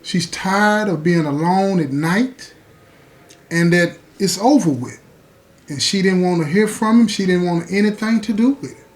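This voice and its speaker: A male podcast host with a high voice. He tells the story in a folksy, conversational way and keeps checking in with his listeners as he goes. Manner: folksy, repeats "you know what I'm saying".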